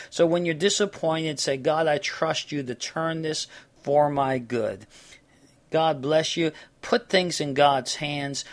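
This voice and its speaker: A man preaching a sermon, earnest, often restarting and repeating phrases. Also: on the high side.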